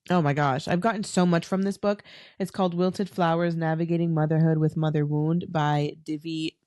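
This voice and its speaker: A woman with a low voice hosts a candid solo podcast, frank and profane yet reassuring. She talks close into her camera on a dry recording, choked up and near tears. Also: darkish tone, dry recording. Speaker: podcast host. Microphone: talking into her camera.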